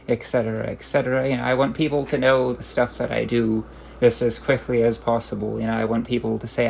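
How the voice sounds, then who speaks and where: Gravelly young man rambling ruefully. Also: medium pitch, little pitch movement, quick pace, darkish tone. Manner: rambling and rueful, with frequent restarts. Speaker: vlogger. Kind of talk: confessional vlog monologue.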